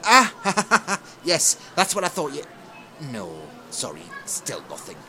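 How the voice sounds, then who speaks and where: A man's voice: on the high side, wildly swooping pitch, slow, bright, forceful tone, exaggerated voice. A man playing a polite, dim-witted shop assistant in a comedy audio play.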